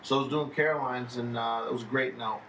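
Storytelling comedian, echoey distant mic. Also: male voice, medium pitch, steady tone, fast, vocal fry, fairly bright tone, slight background noise. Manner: storytelling, quotes others. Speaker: stand-up comedian. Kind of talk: casual chat among comedians.

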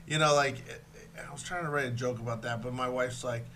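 A man's voice: medium pitch, fairly even intonation, fairly quick, sharp tone, slight background noise. A man hosting a podcast, telling crude stories in a rambling, casual way full of restarts. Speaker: podcast host and comedian. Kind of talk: casual profane storytelling chat.

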